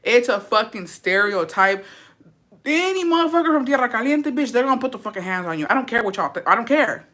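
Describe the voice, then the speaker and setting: A woman's voice: a little high, lively intonation, a little fast, a bit bright. A woman reacting to viewer comments in blunt, profane, sassy casual chat, repeating points for emphasis.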